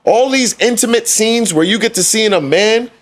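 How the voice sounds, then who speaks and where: A man's voice: high voice, normal speed. Man on a podcast, hammering his points home, repeats stuff for effect. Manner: emphatic, preachy, repeats phrases for effect. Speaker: podcast co-host. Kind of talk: casual podcast discussion.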